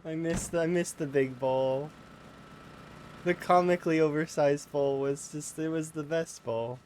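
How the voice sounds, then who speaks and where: A man's voice: on the high side, fairly even intonation, a little slow, a little mellow, a little hiss or hum. A man streaming a game, giving rambling, casual tips to his chat and chatting to the animals in the game. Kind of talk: casual let's-play commentary.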